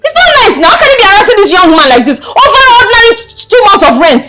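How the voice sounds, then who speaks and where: An actress with a Nigerian accent playing a loud, preachy young woman who scolds and lectures her mother. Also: very high-pitched, big pitch swings, racing. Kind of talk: Nollywood film acting. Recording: film audio with music score.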